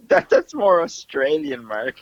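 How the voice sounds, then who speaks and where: A man's voice: fairly high pitch, huge pitch swings, slow, no echo, dull audio. An Irish man co-hosting a podcast, teasing and stubbornly sticking to his claims in casual chat. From Ireland. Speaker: podcast co-host.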